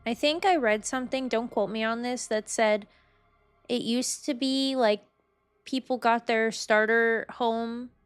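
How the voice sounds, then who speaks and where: A woman with a fairly high-pitched, clean-toned voice streams a game while chatting casually. Excitable and profane, she rants, swears heavily, and bursts into shrieks.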